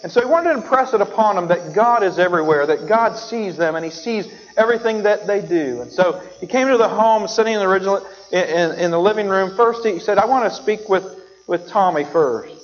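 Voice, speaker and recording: High-voiced pastor in a reverberant church. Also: male voice, lively intonation, brisk. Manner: storytelling, acts out the characters in the story. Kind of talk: sermon. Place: church sanctuary. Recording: dull sound with a long hall reverb.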